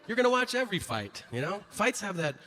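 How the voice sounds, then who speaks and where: A man with a high, fast voice performs stand-up on stage before a laughing audience, telling stories animatedly, acting out their characters and swearing a lot. The live show recording is noisy.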